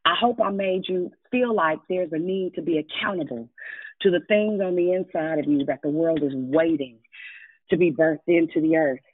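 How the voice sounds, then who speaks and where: A woman's voice: low voice, normal speed, breathy edge, dry recording. A woman hosting a prayer call, preaching fervently and greeting callers playfully over the phone. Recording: phone line.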